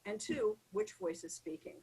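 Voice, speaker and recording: A woman's voice: normal speed, low-quality recording. A woman coaching on public speaking as a podcast guest, talking emphatically and acting out the voices in people's heads. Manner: lively, emphatic, acts out inner voices. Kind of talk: podcast interview conversation.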